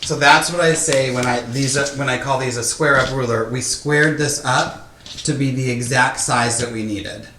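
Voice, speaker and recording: A man's voice: medium pitch, fairly even intonation, normal speed, roomy sound, background noise. A man hosting a casual quilting tutorial, chatty and self-deprecating, talking through each step with fillers as he works with his hands. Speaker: quilting teacher, host. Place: sewing room, indoors. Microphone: microphone close to his face.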